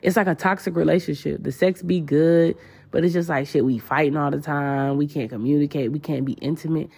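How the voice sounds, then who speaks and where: A woman hosts a spiritual podcast in a loose, heartfelt monologue full of slang and repeated phrases. Her voice sits low and dark, with a husky edge. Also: fairly even intonation, fairly quick. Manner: casual, emotional, slangy and repetitive. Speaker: podcast host.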